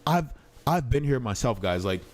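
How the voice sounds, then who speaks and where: A man's voice: medium pitch, expressive, moderate pace. A man commenting casually on a live stream, slangy, blunt, and repeatedly apologizing while he talks. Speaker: streamer reacting to a clip.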